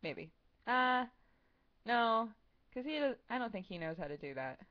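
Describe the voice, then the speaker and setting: A woman's voice: a little high, big pitch swings, unhurried. A young woman in her twenties chatting casually on a livestream, answering viewer questions in a rambling, giggly way full of "like" and "um". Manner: rambling, giggly, heavy use of "like" and "um". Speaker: streamer answering chat questions. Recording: dull lo-fi stream audio.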